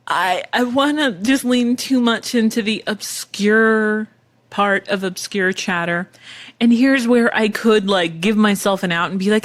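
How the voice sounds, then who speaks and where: Rambling chatty podcast hostess. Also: female voice, mid-range voice, unhurried. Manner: rambling and self-deprecating, with many fillers and laughs. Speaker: podcast host. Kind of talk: casual chat.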